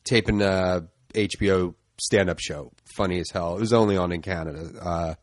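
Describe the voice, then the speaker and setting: A man's voice: sits low, normal speed, no echo, clean studio sound. A middle-aged man, a comedian guest, talking in casual chat, laid-back and trailing off into fillers, with some swearing. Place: indoor studio room.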